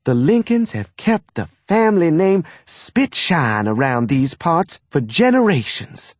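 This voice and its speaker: A man voicing a bossy, gossiping middle-aged mother, in a sharp, domineering manner. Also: sits low, very animated, measured pace, no room sound, voice pushed up, exaggerated voice. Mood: scolding.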